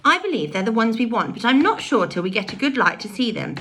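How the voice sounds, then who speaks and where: A woman's voice: a little high, big pitch swings, fairly bright tone, pitched above the performer's own voice. Woman voicing a fearless bossy tomboy girl. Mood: urgent. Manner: brisk, fierce, bossy.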